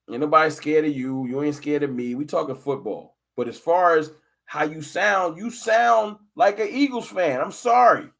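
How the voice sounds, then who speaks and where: Animated man hosting a sports live stream. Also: fairly high pitch. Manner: animated, argumentative, addresses chat viewers directly. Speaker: fan channel live stream host.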